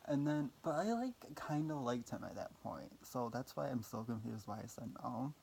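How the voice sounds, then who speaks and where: Creaky-voiced young man rambling. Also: medium pitch, lively intonation, moderate pace, darkish tone, a little hiss or hum. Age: young adult. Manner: rambling, filler-heavy, self-deprecating, swears casually. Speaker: vlogger. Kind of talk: casual rambling storytelling.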